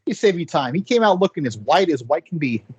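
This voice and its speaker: High, fast, joking man. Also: very animated, slightly rough. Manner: joking, quick comebacks. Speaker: podcast co-host. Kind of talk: casual podcast chat.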